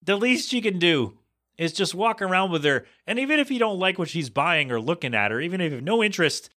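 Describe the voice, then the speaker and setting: A man on a podcast telling a rambling anecdote in a casual, animated way, acting out the people in it as he goes. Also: high-pitched, fast talker. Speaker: podcast co-host. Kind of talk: casual storytelling chat.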